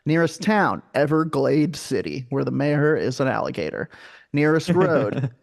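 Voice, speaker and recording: A man with a slightly high voice hosts a comedy podcast. He reads a report aloud and keeps breaking off for jokey asides and riffs. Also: animated, measured pace, gravelly. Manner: jokey, riffing asides while reading. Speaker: podcast host. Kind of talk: comic podcast banter, reading sighting reports aloud.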